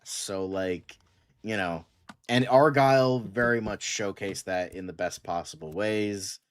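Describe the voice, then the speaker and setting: Blunt, profane male co-host with a fairly low voice, casual and joking. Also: unhurried, clear, resonant tone. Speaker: podcast co-host. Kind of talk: casual chat.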